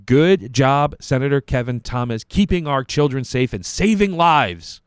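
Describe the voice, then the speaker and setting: A man's voice: medium pitch, expressive, measured pace, clear, resonant tone, no echo, studio quality. A man, hosting a podcast and giving heated, profane, sarcastic commentary on clips. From New York. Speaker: podcast host.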